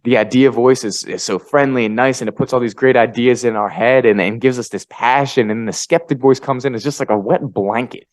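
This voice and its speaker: A man hosting a motivational podcast, swinging between energetic pep-talk bursts and low, quiet asides. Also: brisk, few pauses, no echo. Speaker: podcast host. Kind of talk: motivational monologue.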